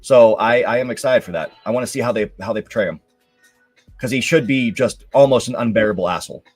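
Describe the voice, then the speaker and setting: A man's voice: medium pitch, fast talker, slightly rough, soft background music. A young man hosting a live stream, chatting casually and rambling with many fillers about upcoming games and movies. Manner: relaxed, rambling, lots of fillers. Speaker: show host.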